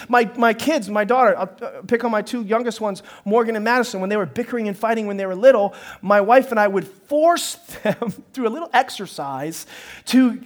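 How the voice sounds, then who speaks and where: High-voiced animated male pastor. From northern United States. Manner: animated storytelling, acts out dialogue, laughs often. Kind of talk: sermon.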